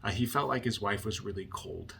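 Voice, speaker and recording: Low, gravelly male counselor with a bright, slightly husky tone who keeps checking in with the listener. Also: fairly quick. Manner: conversational, often asks "right?". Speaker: marriage counselor. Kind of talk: explaining with a client story.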